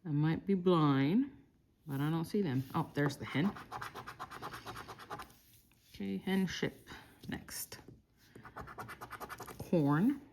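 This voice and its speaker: Texas lady going slow thru scratch tickets, low gravelly voice, murmuring symbols. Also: darkish tone, slight background noise. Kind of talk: calm scratch-off play-by-play.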